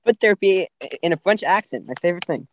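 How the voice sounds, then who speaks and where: A man calling in to a comedy podcast, speaking hesitantly with lots of ums and halting starts. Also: high voice, expressive. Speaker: caller. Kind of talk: call-in chat.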